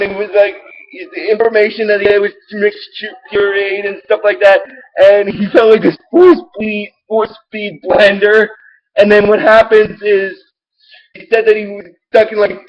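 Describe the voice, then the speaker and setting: A man hosting his own show, rambling through an excitable recap with many restarts. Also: sits high, lo-fi sound. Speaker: show host recapping episodes.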